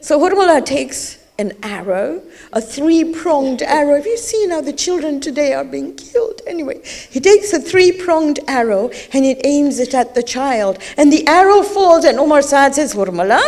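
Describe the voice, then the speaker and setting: A middle-aged woman preaches with a high, clear voice, telling a sacred story with intense feeling. Her delivery swells into tearful, pleading passages and drops to hushed lines. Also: lively intonation, moderate pace. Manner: emotional storytelling, rising to tearful pleas. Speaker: religious speaker. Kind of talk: sermon.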